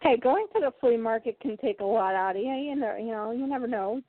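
A woman's voice: a little high, expressive, a little fast, no room sound. Woman co-host, chatty, repeats herself, dry phone-quality audio. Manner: chatty, repeats words while searching. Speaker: co-host of a toy collecting show. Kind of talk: casual chat.

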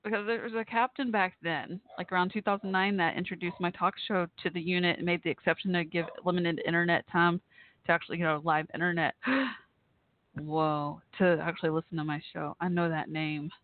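A talk show host chatting casually on an online radio show, reacting excitedly with gasps and exclamations. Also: mid-range voice, brisk. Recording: dry, phone-like line.

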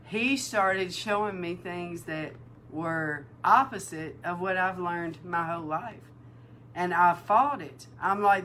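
Slow-speaking woman minister telling a testimony. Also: fairly low pitch, background noise. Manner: animated storytelling, acts out dialogue; emotional, near tears. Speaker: prophetic minister. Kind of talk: sermon-style testimony and teaching.

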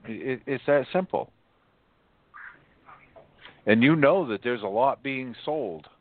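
A man in a casual radio chat, talking slowly and listing details one by one. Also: mid-range voice, expressive. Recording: tinny phone-line sound.

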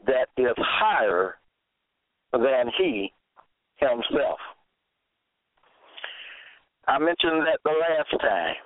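Slow, deliberate preaching man, phone-like. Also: medium pitch, dry recording. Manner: measured, emphatic, repeats key phrases. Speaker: preacher presenting a case. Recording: dry tinny phone-like sound.

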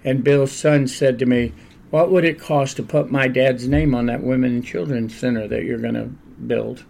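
An older man, a pastor, telling stories in a relaxed, conversational interview and laughing often along the way. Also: medium pitch, normal speed, gravelly. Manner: animated anecdotal storyteller, laughs often.

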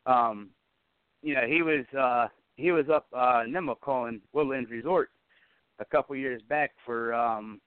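A man joins in with agreement, talking haltingly and full of fillers. His voice is smooth and clear. It comes through dry and narrow, like a phone call. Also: medium pitch, no echo. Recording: dry phone-line sound.

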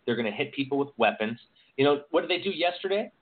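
A man's voice: mid-range voice, expressive, fast. A man hosting a podcast, talking politics in an emphatic, rambling way. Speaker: podcast host. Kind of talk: casual political chat. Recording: tinny phone-like audio.

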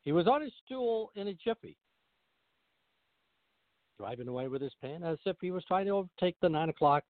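A man hosting a radio show, reading a classic story aloud with a lively, expressive delivery. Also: high voice, normal speed, long pauses, no echo. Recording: narrow phone-line sound.

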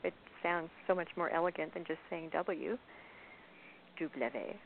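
A woman calling in to a poetry radio show, speaking softly, slowly and deliberately. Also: fairly low pitch, little pitch movement, gravelly. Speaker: caller and poet. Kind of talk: phone-in conversation. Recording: tinny phone line with faint hiss.

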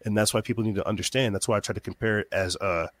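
Lowish guy ranting fast as a show guest, keeps repeating words, dry close sound. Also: steady tone, fairly bright tone, dry recording. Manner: rapid, repeats words when fired up. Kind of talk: podcast interview.

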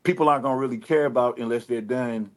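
A man with a Detroit accent, guest on a radio interview, talking in a relaxed, rambling way full of fillers and restarts. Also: mid-range voice, fast talker. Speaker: rapper guest. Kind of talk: casual interview talk.

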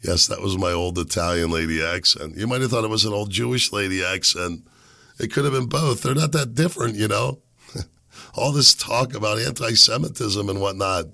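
A man's voice: on the low side, moderate pace, vocal fry, pushed and bright. A man hosting a political commentary show, talking in a rambling, sardonic way while sick. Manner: sardonic, rambling, chuckling asides. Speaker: podcast host.

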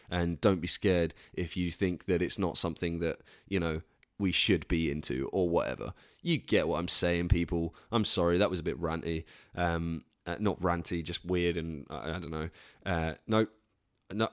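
A man's voice: low voice, dry recording, clean studio sound. Rambling podcast host, self-deprecating man. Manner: rambling and self-deprecating, with frequent restarts and casual swearing. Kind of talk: casual solo podcast monologue.

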